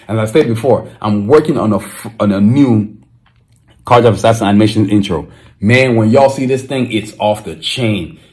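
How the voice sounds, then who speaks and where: A young man hosting his own podcast, talking casually and excitedly, with slang and frequent restarts. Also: lowish voice. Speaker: podcast host. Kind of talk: casual solo podcast monologue.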